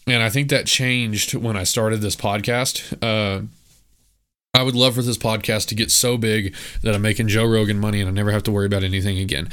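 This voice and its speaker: A man with a lowish voice and a smooth, clear tone talks through a solo podcast episode. He rambles casually with plenty of "uh"s, speaking candidly and plainly. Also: fairly even intonation, a little fast, fairly bright tone. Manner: casual, rambling, candid with frequent filler words. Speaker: podcast host.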